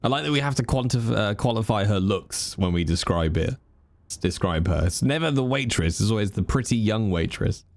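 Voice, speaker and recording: A man's voice: fairly low pitch, expressive, a little fast, no echo. A man chatting casually and jokingly while streaming a game. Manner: chatty, rambling, jokey. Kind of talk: casual live-stream commentary.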